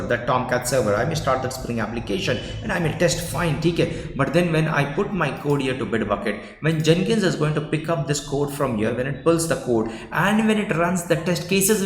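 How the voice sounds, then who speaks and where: A man teaching a live online coding workshop, repeating key points and coaxing answers from his class. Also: a little high. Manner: emphatic, repeats points, coaxes replies. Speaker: software trainer. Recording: echoey roomy sound, long reverb, faint noise.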